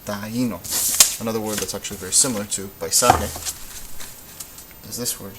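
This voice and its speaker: A man's voice: on the low side, fairly even intonation, fairly quick, very noisy. A man teaching a casual Spanish lesson, thinking aloud as he goes, with frequent ums and restarts. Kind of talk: casual classroom-style lesson.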